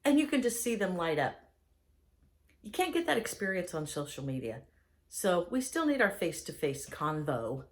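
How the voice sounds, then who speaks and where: Enthusiastic woman, lively bouncing pitch. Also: normal speed. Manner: enthusiastic, animated storytelling. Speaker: host. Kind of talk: casual chat.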